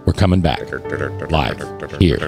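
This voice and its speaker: A man's voice: low voice, a little slow, music in the background. A man in his fifties hosting a talk radio show, delivering preachy commentary and acting out the quotes he reads. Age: 50s. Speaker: radio host.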